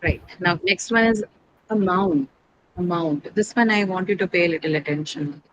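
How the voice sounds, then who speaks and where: A woman's voice: on the low side, brisk, lo-fi sound. Patient woman teacher, noisy line. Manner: explains step by step, asks questions then answers them; repeats key words for emphasis. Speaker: English teacher. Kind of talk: online pronunciation lesson. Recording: steady background noise.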